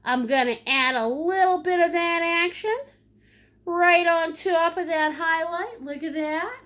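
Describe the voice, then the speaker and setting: A woman's voice: very high voice, a little slow, fairly bright tone. A woman leading a live painting lesson, chatty and playful, with sing-song asides. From United States. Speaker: painting instructor.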